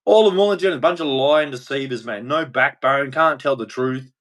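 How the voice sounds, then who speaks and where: A man ranting on his own, heated and profane, turning preachy at times and swinging between shouting and muttering. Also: mid-range voice, normal speed. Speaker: vlogger. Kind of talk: angry solo rant.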